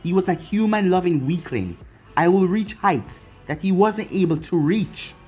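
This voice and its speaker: A brash young ninja who mocks his enemies, as a man reads him aloud. The voice is husky and sits fairly high, with lots of swing in pitch. It comes from a fan-written storybook reading. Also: expressive, moderate pace, a little mellow, soft background music. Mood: taunting. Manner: brash, taunting. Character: young male ninja hero, cocky and mocking.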